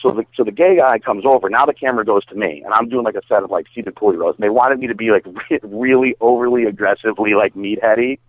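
This bodybuilder guest speaks in a lowish male voice, rattling along quickly with hardly any pauses. His story wanders casually, crammed with fillers and curse words, and the sound is dry and thin, much like a phone call.

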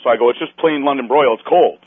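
A man speaks fast at medium pitch with a crowd audible behind him, telling a story in casual chat. He's animated, acting out the others' quotes and swearing as he goes, and the sound is tinny like a phone line.

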